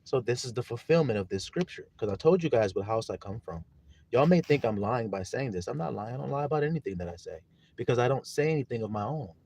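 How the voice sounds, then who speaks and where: A man preaching a sermon, reading scripture loudly and turning quiet for personal stories, often asking his listeners if they see. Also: mid-range voice, expressive, fast talker, vocal fry, slightly rough. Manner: casual, blunt preaching with mild swearing.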